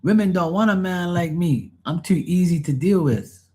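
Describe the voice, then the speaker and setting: This man's voice is high-pitched and moves at a normal speed. He's reading tarot live on stream, swapping crude, straightforward stories in casual chat and animatedly mimicking the people he quotes to make fun of them.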